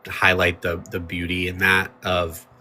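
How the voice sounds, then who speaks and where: A man's voice: deep voice, monotone, a little slow, bright, forceful tone, a little hiss or hum. A man hosting a livestream, talking in a loose, rambling way over a playing clip and thanking viewers. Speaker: livestream host. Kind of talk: casual livestream commentary.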